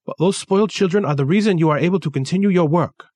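A man's voice: sits high, fast, a little mellow, no echo, voice pushed up. A man doing a courteous Japanese dealer. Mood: apologetic. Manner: courteous, formal, bowing politeness. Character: polite formal Japanese man, deferential art dealer.

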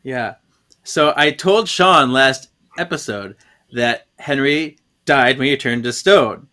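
Slow, bright-voiced man chatting. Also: medium pitch. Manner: laughs often, quotes characters loosely. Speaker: podcast co-host. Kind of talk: casual chat recapping a comic.

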